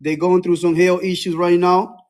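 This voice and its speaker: A man's voice: sits high, level tone, moderate pace, darkish tone. A man talking casually on a phone livestream, repeating himself and urging viewers to act. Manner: repetitive, preachy, calls out to viewers.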